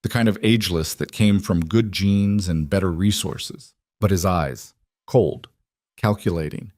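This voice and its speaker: A man narrating a scripted story in a steady, measured storytelling voice. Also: low voice, dry recording, clean studio sound.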